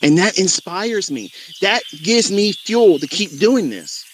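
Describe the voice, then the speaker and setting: Man, middle-aged, fervent and preachy, repeats for emphasis, fairly high voice, faint crickets and birds behind. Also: big pitch swings, takes it slowly, a little hiss or hum. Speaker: trading educator. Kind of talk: impassioned monologue to viewers.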